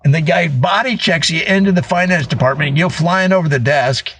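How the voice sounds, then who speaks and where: A man telling a comedic monologue, animated and full of voiced asides. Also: fairly high pitch, fairly quick, slight background noise, poor audio.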